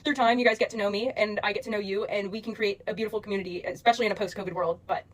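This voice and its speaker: A woman's voice: medium pitch, steady tone, racing, low-quality recording. A young woman talking straight to her followers, earnest and emotional, rambling through plenty of fillers as she asks for patience. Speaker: social media creator. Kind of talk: direct-to-camera address to followers.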